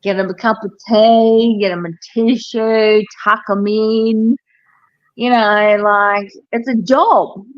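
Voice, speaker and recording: A woman, a hairdresser chatting casually and telling animated stories, with plenty of swearing. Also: fairly high pitch, slow pace, dry recording, muffled recording. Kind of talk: casual chat.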